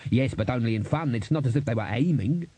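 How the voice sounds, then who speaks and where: A man's voice: mid-range voice, expressive, quick pace, warm tone, husky, no room sound. A man voicing a hot-tempered male dwarf musician who snaps and complains indignantly, in an audiobook reading. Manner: snappish, indignant. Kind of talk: audiobook character voice.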